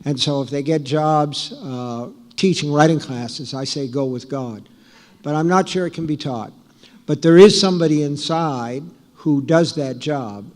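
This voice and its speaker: At a live storytelling talk in a large hall, an author in his sixties tells rambling, self-deprecating anecdotes to the audience with wry humor, often restarting. His voice is a little high with a darkish tone, and the recording carries live hall reverb.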